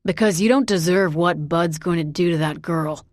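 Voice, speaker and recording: A woman's voice: lowish voice, normal speed, darkish tone, no echo, clean studio sound, lightly acted. A woman reading the part of a brooding young man in an audiobook, speaking with earnest urgency. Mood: earnest urging.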